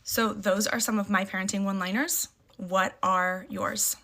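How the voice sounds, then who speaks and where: A woman's voice: mid-range voice, steady tone, moderate pace, pushed and bright. Emphatic middle-aged mother repeating firm one-liners. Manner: emphatic, repeats short catchphrases, acts out firm replies to her kids. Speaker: parent sharing parenting advice. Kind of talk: casual talk to camera.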